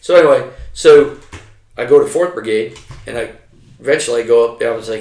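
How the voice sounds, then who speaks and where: A man's voice: mid-range voice, brisk. Profane older man telling army stories. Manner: profane, rambling, animated. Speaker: retired soldier telling war stories. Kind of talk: casual storytelling. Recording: roomy, distant from the mic.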